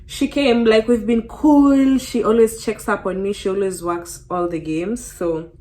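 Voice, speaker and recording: A young woman and student vlogger, telling an earnest, animated story in casual chat while getting ready. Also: medium pitch, measured pace. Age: young adult.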